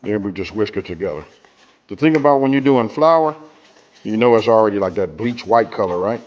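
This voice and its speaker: A man's voice: on the low side, expressive, fairly quick, a little mellow, highs cut off. Laid-back man demonstrating cooking. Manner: laid-back, talks straight to viewers with lots of "right?". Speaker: cooking show host.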